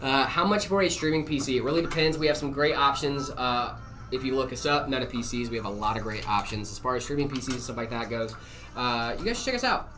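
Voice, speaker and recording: A man's voice: medium pitch, fast. A man hosting a live stream, casually answering viewer questions with lots of "uh" and "um" and easy jokes. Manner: relaxed, full of "uh" and "um" fillers, jokey.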